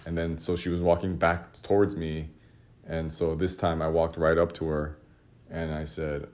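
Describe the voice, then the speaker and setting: A man casually telling a rambling, self-mocking story, with laughs and shouted re-enactments. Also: extremely low pitch, flat delivery, moderate pace. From Los Angeles area. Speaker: artist telling a story to his audience.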